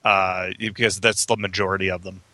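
A man's voice: deep voice, little pitch movement, brisk, pushed and bright, slight background noise. A man co-hosting a casual political chat, wry and rambling, with many fillers.

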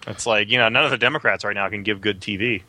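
A man in casual chat, making wry deadpan jokes. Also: fairly low pitch, fast, dry recording.

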